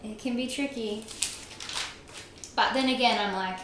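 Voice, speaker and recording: A young woman with a somewhat high, slightly bright voice livestreams a game, unhurried and pausing at length as she reads and answers chat. She laughs frequently and teases herself, in a very echoey room with faint noise.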